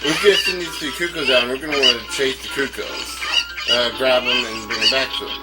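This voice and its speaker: A let's play host from North Carolina gives casual, rambling commentary while playing a game, often stammering and chuckling. His medium-pitched voice is fairly quick with fairly even intonation. Game music plays behind him, and the audio quality is poor.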